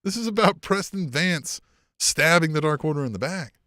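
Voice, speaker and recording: A man's voice: fairly high pitch, expressive, moderate pace, pushed and bright, no echo, clean studio sound. A man co-hosting a podcast in casual chat, rambling and profane, laughing often. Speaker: podcast co-host.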